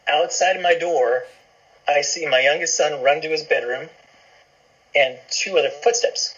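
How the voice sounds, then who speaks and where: Husky man on a dull line. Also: fairly high pitch, a little slow, fairly bright tone. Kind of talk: casual chat.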